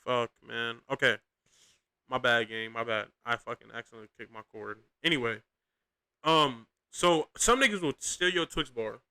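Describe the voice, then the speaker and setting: A man's voice: medium pitch, moderate pace, bright, forceful tone, clean tone. A young man hosting a podcast, giving casual, profane, rambling reaction commentary with lots of slang and restarts. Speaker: podcast host reacting to clips.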